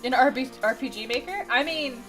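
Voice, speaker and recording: Chatty woman streaming, high voice, laughs a lot while saying hi to chat. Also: fairly quick, a bit bright, faint music behind. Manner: chatty, giggly, greets viewers by name. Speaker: livestreamer. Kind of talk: casual chat greeting viewers.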